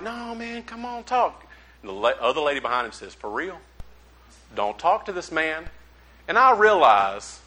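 A man preaching a sermon, a folksy, animated storyteller who acts out the voices of the people he quotes. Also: mid-range voice, poor audio. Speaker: pastor.

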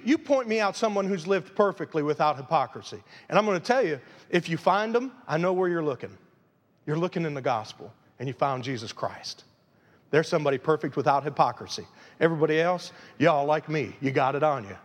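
A man preaching a sermon as a pastor, emphatic and conversational. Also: very high voice. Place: church sanctuary. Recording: long reverb of a large church hall.

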